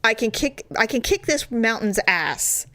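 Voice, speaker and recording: A woman's voice: fairly high pitch, expressive, measured pace, sharp tone. A middle-aged woman co-hosting a podcast, telling a story animatedly with quoted asides and laughter. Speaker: podcast co-host. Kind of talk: casual chat.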